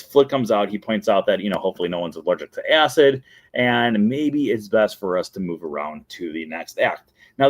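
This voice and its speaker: A man hosting a daily show, talking casually and enthusiastically as he walks through scenes and quotes the characters' lines. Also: fairly low pitch. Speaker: show host. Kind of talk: casual solo talk.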